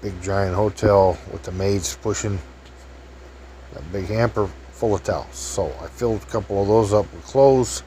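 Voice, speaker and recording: A man's voice: on the low side, darkish tone, a little hiss or hum. A man in his fifties telling a casual anecdote in a chatty, jokey way, laughing at his own stories. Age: 50s.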